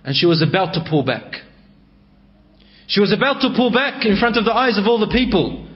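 High-voiced dramatic male preacher. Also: very animated, fairly quick, muffled recording. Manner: dramatic, swinging from raised to hushed delivery. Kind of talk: sermon storytelling.

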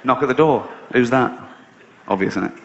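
A man's voice: mid-range voice, moderate pace, vocal fry, dull audio, noisy background. A middle-aged man doing a stand-up routine, telling a story sardonically and swearing casually. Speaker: stand-up comedian. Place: live stage show.

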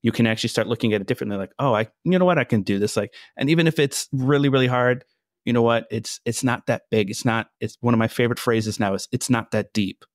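A man's voice: medium pitch, quick pace, no echo, clean studio sound. A man as a mindset coach guest on a podcast, earnest and explanatory with frequent fillers. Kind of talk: casual interview chat.

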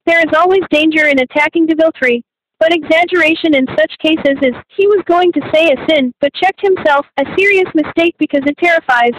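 A woman's voice: high voice, brisk, slight background noise, low-quality recording. A woman reading a novel aloud as an audiobook narrator, in scripted narration.

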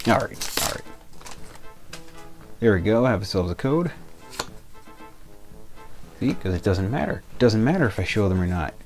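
A man's voice: on the low side, animated, moderate pace, long pauses, a little mellow, faint music behind. A young man casually opening trading card packs, reading out the cards and grumbling in mock outrage when the packs come up short. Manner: exasperated, muttering card names, mock outrage. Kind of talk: casual pack-opening commentary.

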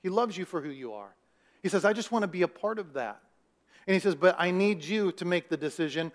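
A man's voice: high-pitched, lively intonation, a little fast. A male pastor preaching a sermon in a conversational way, raising his voice for emphasis and putting questions to the congregation.

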